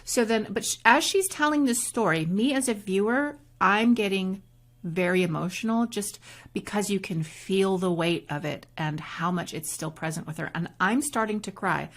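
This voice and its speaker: A woman co-hosting a podcast, chatting casually and recapping a reality show in an animated, storytelling way. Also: mid-range voice. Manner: animated, storytelling, quick recaps with acted quotes. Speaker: podcast co-host. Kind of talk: casual chat reviewing reality TV.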